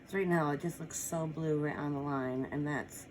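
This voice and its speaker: Her deep voice stays steady at a normal speed as this painting instructor chats through a casual tutorial while working. She adds small apologetic asides, and there's slight background noise.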